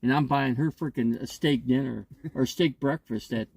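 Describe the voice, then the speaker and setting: Casting note: a gravelly fifties man, chatty host, rambling and cursing through his stories. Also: medium pitch, moderate pace, dry recording. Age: 50s. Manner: rambling, profane, animated retelling. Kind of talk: casual chat. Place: inside an RV.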